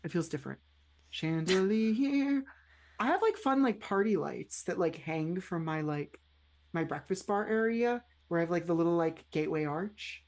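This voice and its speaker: A woman's voice: fairly low pitch, lively intonation, normal speed, darkish tone. Chatty, rambling woman podcast co-host. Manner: chatty, rambling with many fillers. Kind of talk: casual chat.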